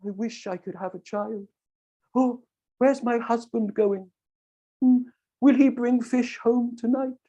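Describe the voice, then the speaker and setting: A storyteller voicing a solemn wife who longs for a child, speaking quietly, softly and sadly. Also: mid-range voice, steady tone, slow pace, long pauses, lo-fi sound, pitched above the performer's own voice. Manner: quiet, soft and sad, head tilted.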